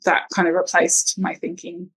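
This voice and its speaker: A woman's voice: on the low side, completely flat delivery, moderate pace, fairly bright tone, breathy edge, poor audio. A woman telling her birth story in a casual interview, chatty with lots of ums and likes. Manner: chatty, many ums and likes, acts out quotes.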